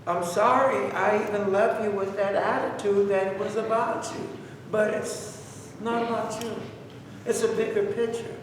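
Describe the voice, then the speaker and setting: A man's voice: high-pitched, fairly even intonation, a little slow, far from the mic, a little hiss or hum. A man leading a Bible study, talking in a conversational, repetitive, exhorting way. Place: church room. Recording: echoey church room heard from afar.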